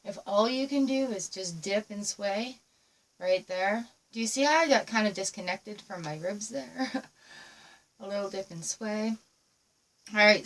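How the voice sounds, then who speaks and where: An encouraging woman dance teacher leads a home lesson, calling out counts and cues while she moves. Her voice sits a touch high, a little breathless, and it reaches the mic from across the room. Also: fairly bright tone, far from the mic, slight background noise. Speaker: dance instructor. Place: room at home with a squeaky floor.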